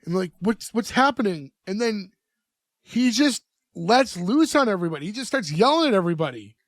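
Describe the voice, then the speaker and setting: A man's voice: high voice, big pitch swings, brisk, dry recording, studio quality. A young man co-hosting a podcast, chatting casually and recapping scenes, acting out quotes with many "like" fillers. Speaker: podcast co-host. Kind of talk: casual chat.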